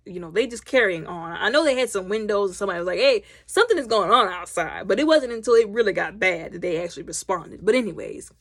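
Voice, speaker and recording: A loud, talkative woman retells a film scene by scene, putting on the characters' voices as she goes. Her voice has a gravelly fry. Her pitch rises and falls a lot, and the sound is dry and close. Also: dry recording. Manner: chatty, retells scenes by acting out characters' lines. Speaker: movie reviewer. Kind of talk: casual movie recap.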